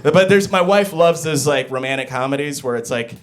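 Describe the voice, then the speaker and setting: A man's voice: on the high side, brisk. A man doing a live stand-up set in a studio session, rambling and interrupting himself with fillers and asides. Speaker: stand-up comedian. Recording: live crowd laughter.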